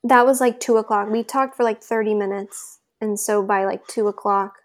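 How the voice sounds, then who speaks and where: A woman's voice: mid-range voice, steady tone, normal speed. A woman as an interview guest, telling a personal story in a chatty, loose way with many filler words. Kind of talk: casual conversational storytelling.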